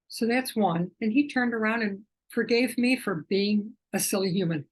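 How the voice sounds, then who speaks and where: A middle-aged woman, an animal communicator, telling a rambling, emotional personal story in a gentle way. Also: mid-range voice, normal speed, hardly any pauses, slightly rough, rough recording. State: tearful at times.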